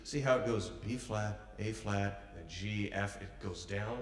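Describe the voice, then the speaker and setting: A man's voice: fairly low pitch, unhurried. A man coaching a pianist in a master class, encouraging and humming or counting the phrases aloud as they play. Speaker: piano master class teacher. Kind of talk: coaching a pianist through a piece. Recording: echoey hall from far off, piano playing.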